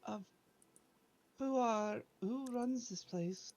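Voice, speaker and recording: A woman playing a tabletop game, talking casually and hesitantly with many pauses. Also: a little high, darkish tone. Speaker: player. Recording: dull lo-fi mic.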